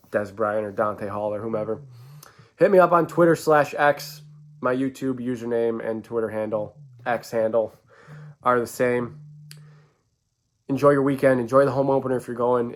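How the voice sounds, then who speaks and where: New guy rambling about football, stammers a lot, voice jumps around. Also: mid-range voice. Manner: rambling, stammering restarts, swinging inflections. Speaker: sports fan vlogger. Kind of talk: casual sports commentary vlog.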